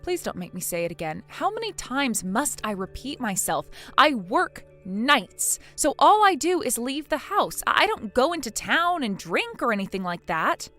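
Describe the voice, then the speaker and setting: A woman's voice: a little high, big pitch swings, moderate pace, few pauses, bright, forceful tone, faint music behind. A woman voicing a weary young wife in a text-message drama, pleading and defensive.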